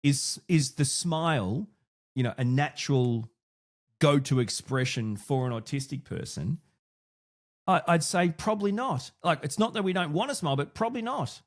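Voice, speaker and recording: Lively, animated man hosting a podcast. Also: fairly high pitch, normal speed. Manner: thinks aloud, with many restarts and asides. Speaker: podcast host. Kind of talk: casual solo podcast talk.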